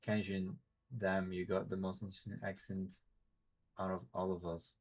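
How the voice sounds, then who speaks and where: A man whose first language is Portuguese, chatting casually and haltingly while streaming a game and thinking aloud. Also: deep voice, completely flat delivery, darkish tone, husky. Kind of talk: casual gameplay stream chat.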